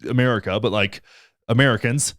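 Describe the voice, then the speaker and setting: Male podcast host, blunt and heated, fast talker, dry close sound. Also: on the low side, fairly bright tone, dry recording. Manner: heated, blunt, swears freely. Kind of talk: casual conversational podcast.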